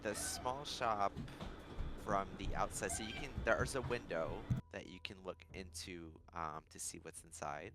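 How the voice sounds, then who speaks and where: A man narrating as game master of a tabletop game, pausing often with fillers as he describes scenes. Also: low-pitched, fairly even intonation, vocal fry. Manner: hesitant, many pauses and fillers.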